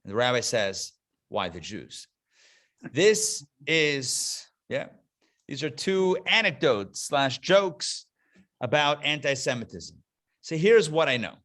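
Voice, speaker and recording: Animated rabbi telling jokes to a class. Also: male voice, slow pace. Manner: animated storyteller, swings into high excited voices for characters. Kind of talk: live lecture with told jokes. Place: classroom streamed to an online call.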